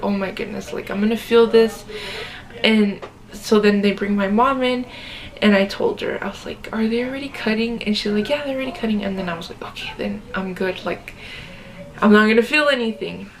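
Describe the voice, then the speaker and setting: A young woman telling a personal story to her viewers in a casual vlog, chatty and earnest, filling her speech with "like". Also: medium pitch. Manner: chatty, many "like"s, speaks to viewers as "guys"; earnest, emotional retelling. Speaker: vlogger.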